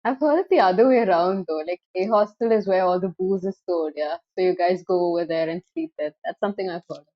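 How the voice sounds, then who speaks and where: A young woman, co-hosting a casual podcast chat and telling animated stories full of "like" and "okay". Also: lowish voice, a little fast, no room sound, muffled recording. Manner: animated storyteller, lots of "like" and "okay". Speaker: podcast co-host.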